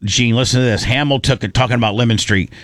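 A man, a radio show host telling stories in casual chat, animated and acting out quotes. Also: mid-range voice, quick pace, dry recording. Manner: animated storyteller, acts out quotes.

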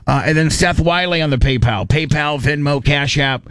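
Brief: cocky male radio host, ribbing banter, fairly high voice, dry close sound. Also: a bit bright, clear, resonant tone, no room sound. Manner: boastful, teasing, quick-talking. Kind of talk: casual talk radio banter.

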